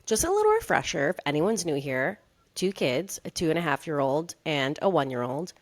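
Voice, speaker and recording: Low-voiced chatty woman co-host. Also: sing-song, moderate pace. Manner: chatty storyteller, many "like" fillers. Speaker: podcast co-host. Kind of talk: casual chat.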